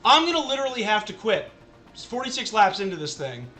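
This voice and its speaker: High bright-voiced man ranting while streaming. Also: very animated, quick pace, faint music behind. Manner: exasperated ranting, repeats himself. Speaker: game streamer. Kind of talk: casual live-stream commentary.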